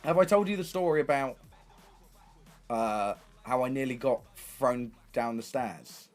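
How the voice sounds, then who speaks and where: A man's voice: medium pitch, measured pace, faint music behind. Chatty young man telling stories. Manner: animated, swears freely, loose and chatty. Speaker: streamer. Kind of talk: casual storytelling on a livestream.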